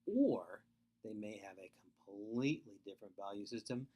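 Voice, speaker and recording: A man's voice: fairly low pitch, expressive, normal speed, dark tone. A middle-aged man giving a webinar lecture to foster parents, earnest and emphatic, repeating his key points. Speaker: foster care speaker.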